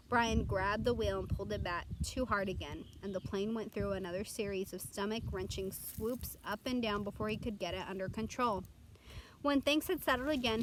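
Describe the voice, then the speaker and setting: A woman narrating an audiobook in an expressive, dramatic reading style. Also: mid-range voice, a little hiss or hum.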